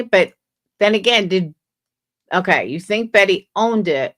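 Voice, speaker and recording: A woman hosts a casual livestream, speaking straight to her viewers. Her voice sits in a middle pitch, and she sounds chatty and skeptical as she reads out messages and mulls them over. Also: a little slow, a bit bright. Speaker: livestream host.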